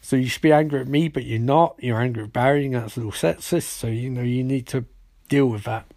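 A man voicing a prim young female scientist who lectures quickly. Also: mid-range voice, steady tone, vocal fry, a little mellow, no room sound, close to an everyday voice. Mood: lecturing.

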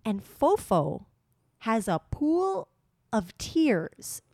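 Animated young woman telling a story. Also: fairly high pitch, extremely slow, dry recording, clean studio sound. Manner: animated storytelling, mixing English and Tagalog. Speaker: vlogger recounting her wedding. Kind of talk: casual chat.

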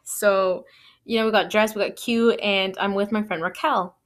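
Speaking at a moderate pace with fairly even intonation, a twenty-something woman uses her mid-range voice to share a casual story on her podcast. She's chatty, leans on "like" and "you know", and laughs at her own expense.

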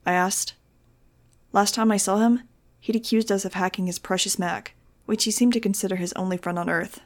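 A woman reading a novel aloud in an expressive, wry first-person narrating voice. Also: mid-range voice, normal speed. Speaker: audiobook reader.

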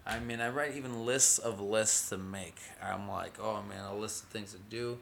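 Gravelly laid-back rambling man. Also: on the low side, fairly even intonation, normal speed, fairly bright tone, slight background noise. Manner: laid-back, drawling, swears a lot, says "man" constantly. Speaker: podcast host. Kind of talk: rambling casual monologue.

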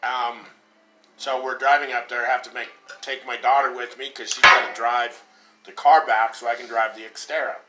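A man's voice: mid-range voice, flat delivery, moderate pace. A middle-aged man telling crude, rambling stories in casual podcast chat. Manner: profane, rambling storyteller. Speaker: podcast co-host. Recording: echoey room with faint noise.

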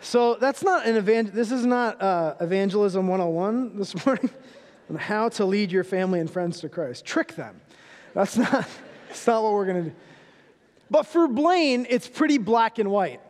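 A man's voice: high voice, lively intonation, normal speed, a little mellow, in a large hall. A man in his thirties, a guest preacher giving a sermon in a church, telling funny family stories in a conversational way. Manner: humorous storytelling, conversational. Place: church sanctuary.

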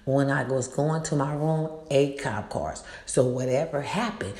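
A middle-aged woman, a mother, telling a casual story in a blunt, animated way and swearing freely. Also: very deep voice, a little slow. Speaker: vlogger. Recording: echoey room.

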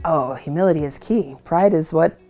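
A woman's voice: sits low, moderate pace, dark tone, faint music behind. A woman, a worship leader, telling self-deprecating stories in a casual interview, often laughing. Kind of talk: casual storytelling in conversation.

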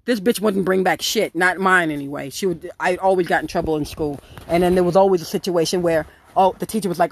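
A woman hosting a podcast, telling a story in a blunt, profane, animated way with acted-out quotes. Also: on the low side, brisk, hardly any pauses, no room sound. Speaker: podcast host. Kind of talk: casual storytelling monologue.

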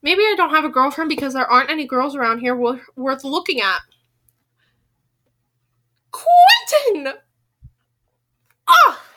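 A woman with a high, bright voice reads a novel aloud in a relaxed, chatty way. She keeps drifting off the page into animated, rambling asides before picking the story back up. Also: fast, few pauses. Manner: animated, breaks off into rambling side comments. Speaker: reader of a novel.

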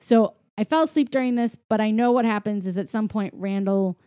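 A woman casually retelling a film's plot to a co-host, animated, with lots of fillers. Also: medium pitch, a little fast, no room sound, clean studio sound. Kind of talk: casual film recap chat.

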